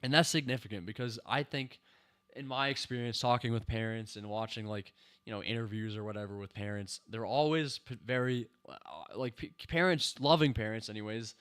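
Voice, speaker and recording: A man giving a casual TV review, ranting in an exasperated, animated way with slang, talking into a personal microphone. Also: medium pitch, fairly quick, clean tone. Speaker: show reviewer.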